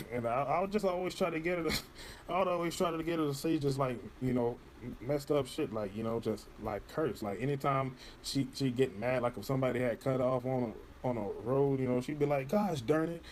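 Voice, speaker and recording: Guy rambling thru a podcast interview, cussing a lot, lots of you-knows, mid-pitched, bit of faint hum behind. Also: a little fast. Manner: rambling, profane, heavy on "you know" fillers. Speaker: podcast guest. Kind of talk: casual interview chat.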